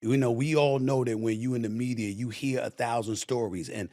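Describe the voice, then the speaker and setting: A middle-aged man, a sports commentator talking as a guest on a casual interview show, loud and passionate, driving his points home with emphasis. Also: mid-range voice, steady tone, a little fast. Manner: loud, passionate, emphatic storyteller who acts out past exchanges.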